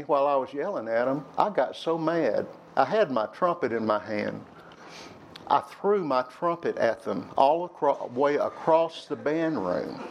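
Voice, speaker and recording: In lo-fi audio with a faint hiss or hum, an older man with a mid-range voice tells candid stories to a young audience. He meanders a bit, and when he acts out former quarrels, his voice gets louder.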